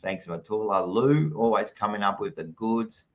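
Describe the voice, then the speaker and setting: A man's voice: on the low side, animated, moderate pace, lo-fi sound. An Australian man hosting a podcast, chatting casually and reading out live chat messages with jokey, blokey banter, calling everyone mate. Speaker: podcast host.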